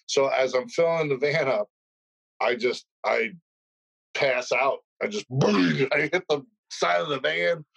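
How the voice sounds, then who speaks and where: A man's voice: mid-range voice, slow, gravelly, fairly bright tone, breathy edge, dry recording, poor audio. A man in casual podcast chat, telling a rambling, swear-laden anecdote.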